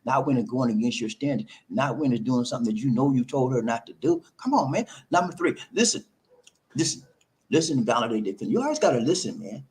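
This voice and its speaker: A man's voice: medium pitch, animated, fast, darkish tone. A man giving relationship advice in an emphatic, preachy monologue, repeating himself and calling listeners "man".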